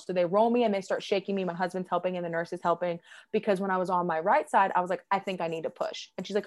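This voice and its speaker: A woman's voice: fairly low pitch, steady tone, quick pace, darkish tone. Chatty young woman telling a story. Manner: chatty, many fillers, acts out quoted voices. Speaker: guest sharing a birth story. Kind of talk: casual storytelling chat.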